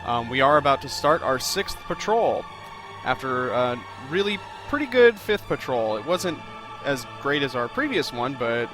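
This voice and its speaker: A man hosting a let's-play, chatty and self-deprecating, rambling through plans with plenty of fillers. His voice sits at a middling pitch, with faint music playing underneath. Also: very animated, moderate pace, few pauses. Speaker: video game let's-play host. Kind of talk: casual gameplay commentary.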